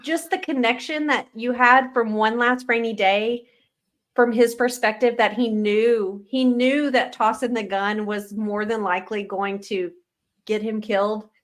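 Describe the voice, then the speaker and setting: Excitable high-pitched woman podcaster. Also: measured pace. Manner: emotional, swears freely, laughs often. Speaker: podcast co-host. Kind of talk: casual book chat.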